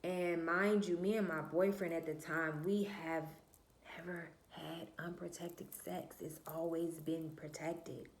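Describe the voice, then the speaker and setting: A woman's voice: lowish voice, fairly even intonation, unhurried, reverberant, slight background noise. A woman vlogger telling a personal story in a casual, candid monologue, swearing freely and talking straight to her viewers. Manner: emphatic, repeats herself and trails off with "da, da, da".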